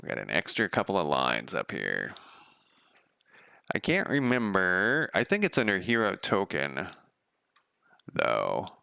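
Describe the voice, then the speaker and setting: A man's voice: deep voice, huge pitch swings, a little slow, gravelly, long pauses, pushed and bright, smooth, dry recording. A man streaming as a game developer, talking through his code in a loose, sardonic, profane ramble. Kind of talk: casual live coding commentary.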